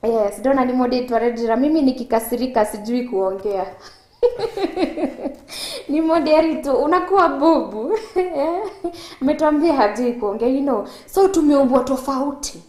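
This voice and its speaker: A Kenyan woman leads a devotional teaching on a Christian TV program, her voice sitting somewhat high. She talks emphatically and switches languages mid-thought. The sound carries a noticeable room echo. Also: quick pace, few pauses, darkish tone. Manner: code-switching, emphatic, laughs between points. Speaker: host of a Christian TV show. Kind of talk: devotional teaching on a call-in TV show.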